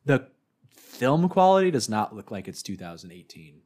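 A man's voice: mid-range voice, big pitch swings, moderate pace, a little mellow. A man co-hosting a podcast, talking casually and rambling with lots of filler words. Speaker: podcast co-host. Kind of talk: casual chat.

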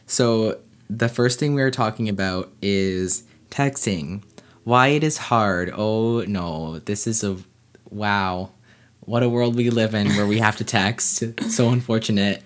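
A man's voice: fairly low pitch, a little slow. A man hosting a casual podcast, joking around and teasing his co-host. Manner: playful, joking, laughs easily. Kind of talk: casual chat.

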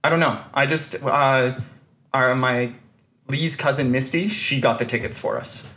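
A man's voice: medium pitch, measured pace, sharp tone. A man telling a long, rambling story on a podcast, full of restarts and fillers. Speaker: podcast host. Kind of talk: casual storytelling chat.

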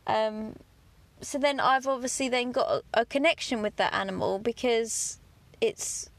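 Young english woman farmer chatting on her podcast, bit high voice, candid and down to earth, dry close mic. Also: measured pace, vocal fry, no room sound. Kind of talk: casual monologue.

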